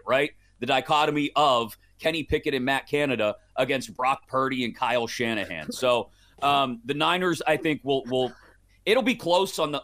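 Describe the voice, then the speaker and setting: A man appearing as a guest analyst on a sports betting podcast, talking through his picks in a measured way and thinking aloud. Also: medium pitch, fairly bright tone.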